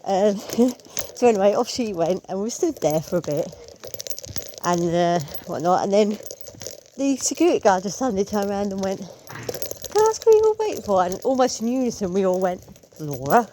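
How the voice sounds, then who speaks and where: A woman's voice: medium pitch, expressive, moderate pace, dark tone, slight background noise. A woman telling a rambling, opinionated story as a theatre fan vlogger. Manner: chatty, opinionated, rambling with asides. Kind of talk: casual storytelling vlog.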